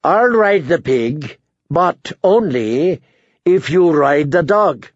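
A man voicing a sharp-tongued adult dwarf lord who answers with dry, deliberate wit. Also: fairly high pitch, lively intonation, creaky, no room sound, highs cut off, voice pushed up, full character voice. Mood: mocking.

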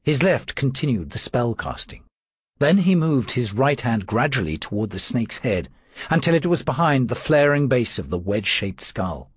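A man narrating an audiobook in the first person, wry and expressive. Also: medium pitch, normal speed, husky, dry recording, studio quality.

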